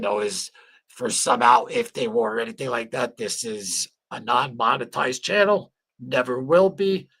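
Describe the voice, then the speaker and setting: A man's voice: mid-range voice, gravelly, pushed and bright, slightly rough. A man hosting a casual livestream chat, rambling and emotional, swearing freely and greeting viewers by name. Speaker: livestream host.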